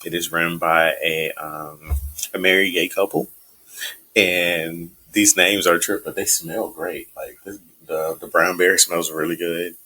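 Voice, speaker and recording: A man with a very low, husky voice, co-hosting a laid-back podcast. His tone has a bright, forceful edge despite the depth, and he talks with easygoing, wry humor. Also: flat delivery, unhurried. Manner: easygoing, wry, chuckles often. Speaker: podcast co-host. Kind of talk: casual chat.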